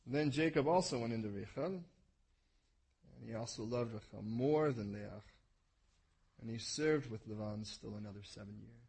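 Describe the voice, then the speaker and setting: A male preacher reading scripture aloud to a congregation in an animated way, adding asides and correcting himself as he goes. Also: medium pitch, unhurried, creaky, long pauses, husky, low-quality recording.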